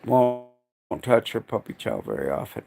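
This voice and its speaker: A man's voice: mid-range voice, lively intonation, moderate pace, creaky, mellow, slight background noise. A man chatting casually on a live stream at home, cooing baby talk to his dogs in between. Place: indoors at home.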